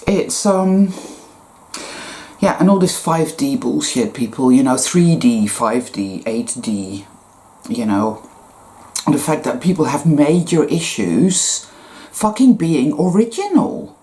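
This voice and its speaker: A woman's voice: very deep voice, expressive, slow pace, dark tone. A woman giving a casual monologue as a spiritual vlogger, blunt, profane and sarcastic.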